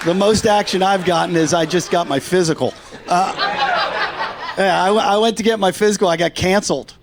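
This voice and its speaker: A middle-aged man performing a stand-up comedy set on a club stage, telling stories deadpan and dropping his voice for quoted lines. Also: high voice, a little fast, a loud crowd, heavy background noise.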